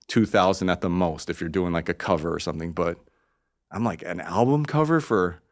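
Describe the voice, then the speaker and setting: A man, an artist guest, telling a story in casual, rambling talk, cursing freely and getting animated. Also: deep voice, a little fast.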